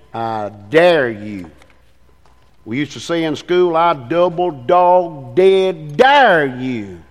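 An older man preaches with fervor, his fairly high voice swinging between quiet, intimate passages and ringing declarations. The sound carries the long reverb of a big church sanctuary. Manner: fervent preaching, rising and falling between hushed and loud. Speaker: pastor. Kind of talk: sermon.

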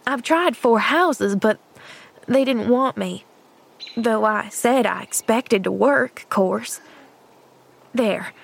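Storybook role: a grudging, mumbling ten-year-old orphan boy with rustic slang, high and light, read by a woman. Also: slow, gravelly, pauses often, husky, exaggerated voice.

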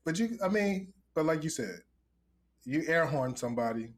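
A man's voice: a little high, expressive, moderate pace, background noise. Upbeat joking man podcast co-host. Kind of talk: casual chat.

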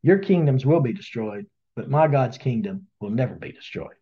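A man retelling a Bible story in a casual webinar, as an animated storyteller who acts out the voices, on dull lo-fi audio. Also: mid-range voice, moderate pace. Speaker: Bible study teacher.

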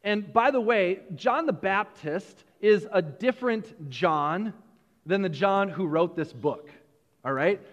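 High-voiced pastor preaching with hall reverb. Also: male voice, slow pace, dull audio. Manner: animated, repeats words, chuckles between points. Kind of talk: sermon.

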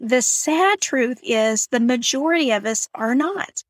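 A woman's voice: high-pitched, expressive, unhurried, dry recording. A middle-aged woman from Texas with a Texan accent, hosting a podcast and telling a story in a friendly, chatty way. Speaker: podcast host. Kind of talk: casual podcast monologue.

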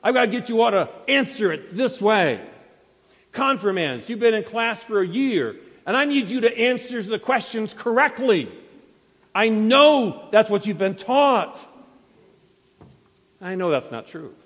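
A man's voice: sits high, animated, unhurried, fairly bright tone, in a large hall. A man preaching a sermon as pastor, retelling a story with dramatic acted quotes. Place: church sanctuary.

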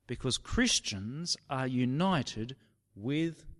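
A man preaching a sermon, slow and emphatic, sometimes dropping his voice to a near whisper for effect. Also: medium pitch, animated. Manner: slow, emphatic preaching with dramatic drops to a hush. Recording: long reverb of a large hall.

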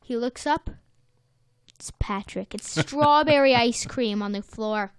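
A woman's voice: on the high side, slow pace, clear, resonant tone, no echo, clean studio sound. A woman in casual chat, animatedly retelling a cartoon episode and slipping into character voices.

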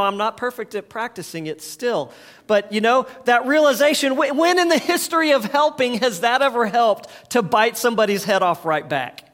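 A man with a high voice gives a relaxed, conversational sermon. He speaks like a pastor talking with his congregation and has them repeat short phrases back to him. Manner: conversational preaching, leads the audience in call-and-response.

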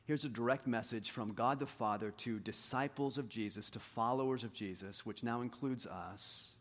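A man preaching a sermon, telling stories in an animated, self-deprecating way and swinging between hushed and loud delivery. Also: medium pitch, moderate pace. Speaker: pastor. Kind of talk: sermon with storytelling.

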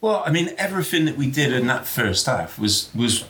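A man's voice: medium pitch, sing-song, a little fast, a bit bright. A man co-hosting a fan podcast, making wry jokes in casual chat. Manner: wry, joking. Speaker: podcast co-host.

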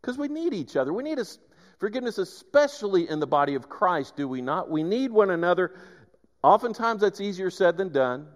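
Male pastor, fairly high voice, lively sermon storytelling, long hall reverb. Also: a little fast. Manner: animated storytelling, frequent restarts.

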